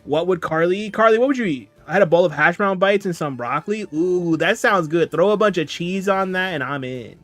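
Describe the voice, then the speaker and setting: A man's voice: high-pitched, a little fast, few pauses, fairly bright tone. A tired young man chatting casually on a livestream, reading chat and rambling along. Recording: music playing faintly behind. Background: faint background music.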